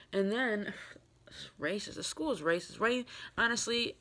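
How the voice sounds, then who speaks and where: A woman's voice: medium pitch, takes it slowly, bright, forceful tone. An upset, tearful woman in her thirties venting in a rambling vlog, full of fillers and restarts. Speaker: vlogger. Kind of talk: emotional personal vlog.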